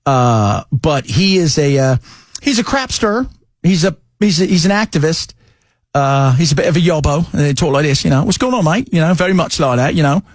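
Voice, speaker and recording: Casual male radio host, jokey and animated, higher voice, very dry close mic. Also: no echo. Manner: animated, jokey, loose asides. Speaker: radio talk show host. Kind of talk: casual talk radio banter.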